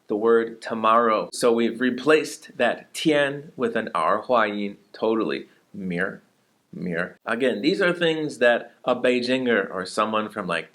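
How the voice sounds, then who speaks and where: Lower-voiced man teaching Mandarin words. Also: a bit bright. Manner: explains steadily, models Mandarin words with slow repeated examples. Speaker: Chinese teacher. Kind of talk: casual video lesson.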